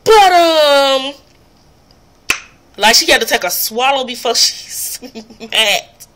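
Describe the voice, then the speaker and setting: A woman's voice: fairly high pitch, a little slow, bright, forceful tone, slight background noise. A woman vlogger ranting bluntly and profanely to camera. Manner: blunt, profane, exasperated ranting with mocking impressions. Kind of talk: casual rant to camera.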